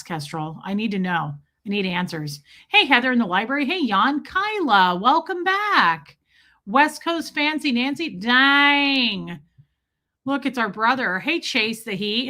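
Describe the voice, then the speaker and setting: Woman, middle-aged, livestream host, bright slightly high voice, chatty, greets viewers by name.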